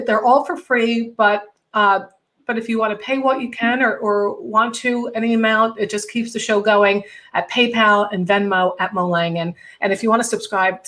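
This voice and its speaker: Middle-aged woman, comedian host, animated casual chat, slightly high voice. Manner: chatty, animated, self-mocking.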